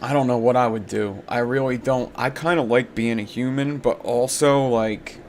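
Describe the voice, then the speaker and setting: A man's voice: medium pitch, steady tone, moderate pace, a little hiss or hum. An American man from Pennsylvania, hosting casual, rambling chat with frequent swearing. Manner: rambling, laughing easily, swearing. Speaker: podcast host.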